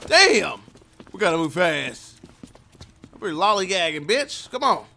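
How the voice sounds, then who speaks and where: High-voiced man trash-talking a game. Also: big pitch swings, measured pace, gravelly, heavy background noise. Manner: loud, joking, trash-talks the game characters. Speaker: gaming YouTuber. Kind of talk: profane gameplay commentary. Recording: game audio playing underneath. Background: game music and sound.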